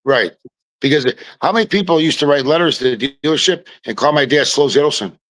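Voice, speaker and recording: A man, a podcast guest telling stories in casual chat, animated and often restarting his words. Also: a little high, quick pace, dry recording, poor audio.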